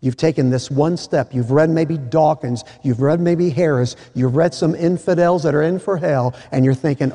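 A man preaching a sermon in a folksy, animated way, with joking asides. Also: fairly high pitch, moderate pace, few pauses. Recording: echoey hall.

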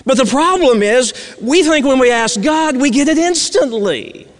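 A man preaching a sermon, telling a story and dropping to hushed tones for emphasis. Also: very high-pitched, expressive, moderate pace, long reverb tail. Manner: storytelling, swings from loud emphasis to hushed near-whispers.

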